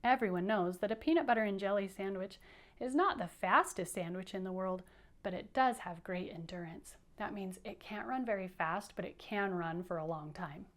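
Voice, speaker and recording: A woman's voice: mid-range voice, moderate pace. A woman teacher giving a playful, coaxing read-aloud for children, inviting them to repeat lines after her. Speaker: teacher reading aloud to kids.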